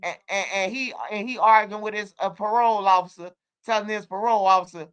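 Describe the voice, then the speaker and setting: A man in his forties, talking casually as a guest, telling animated stories in street slang with lots of profanity. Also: high-pitched, quick pace, few pauses, smooth. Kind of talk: casual interview chat.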